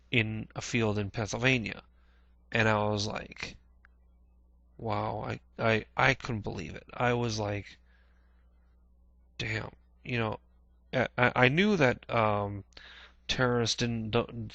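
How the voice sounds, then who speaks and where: Guy vlogging a memory, low gravelly voice, keeps restarting and clearing his throat, dry close sound. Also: a bit bright, no room sound. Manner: halting, many restarts and frequent throat clearing; plain-spoken, swears casually. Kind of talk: casual personal recollection.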